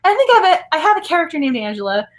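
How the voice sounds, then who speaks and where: A high-pitched woman talks casually to her vlog audience. She is giggly and excitable and laughs often. She rambles and corrects herself mid-sentence as she tells a story. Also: racing. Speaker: book vlogger. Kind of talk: casual chat.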